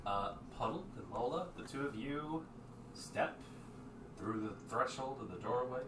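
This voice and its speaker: A man narrating as game master of a tabletop game, lively and quick to jump into shouting voices for the figures. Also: medium pitch. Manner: animated, jumps into shouted character voices. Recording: echoey room from far off, faint noise.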